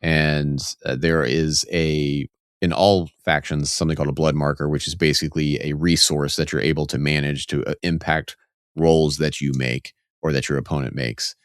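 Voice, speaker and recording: A deep, smooth-voiced man co-hosts a casual podcast. He explains game rules step by step with real enthusiasm. The sound is dry and close. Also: little pitch movement, normal speed, no echo. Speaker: podcast co-host.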